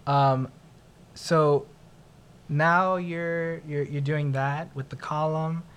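A woman's voice: low-pitched, steady tone, extremely slow, slight background noise. A woman hosting a casual interview, prompting her guest and giving lots of small encouraging responses. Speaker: podcast host.

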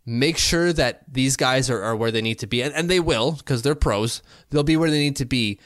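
Guy rambling his hockey takes on a podcast, mid pitch, dead dry sound. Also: moderate pace, a bit bright, no room sound. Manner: opinionated, rambling with restarts. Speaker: podcast co-host. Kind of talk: casual sports talk.

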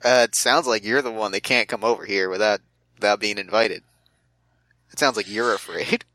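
A man playing a tabletop game, bantering playfully and quickly. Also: fairly low pitch, fairly even intonation, pushed and bright, no room sound, low-quality recording. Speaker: player. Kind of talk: casual tabletop play.

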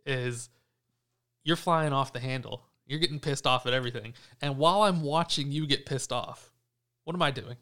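A man hosts a relaxed podcast conversation, his voice clear and smooth at an ordinary pitch. He rambles through stories in a snarky, profane way, restarting his sentences as he goes. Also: normal speed. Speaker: podcast host. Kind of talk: casual podcast chat.

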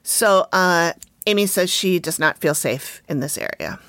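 A woman recaps a TV episode on a casual podcast. She talks in a low-pitched voice that rises and falls a lot. She laughs easily, and the mic sound is close and dry. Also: unhurried, no room sound. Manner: lively, laughs often, talks to her dog. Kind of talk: casual chat.

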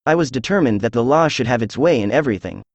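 A synthesized male voice narrating a classic audiobook in a steady, measured way. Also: mid-range voice, no echo.

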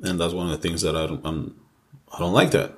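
A man's voice: low-pitched, fairly even intonation, quick pace. A young man co-hosting a casual podcast, recounting a personal story candidly and emotionally, swearing freely. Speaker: podcast co-host.

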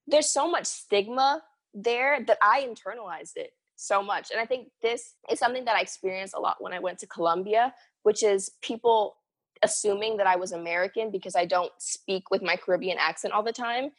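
A young woman from the Bahamas co-hosting a podcast, chatting in an animated way and saying "like" and "literally" a lot. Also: medium pitch, a little fast. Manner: animated, says "like" and "literally" often. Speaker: podcast co-host. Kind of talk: casual chat.

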